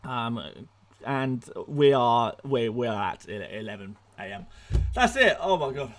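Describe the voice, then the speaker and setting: A young man hosting a live stream, firing off rapid answers to viewer questions, excitable and laughing often, out of breath at times. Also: medium pitch. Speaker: fantasy football streamer.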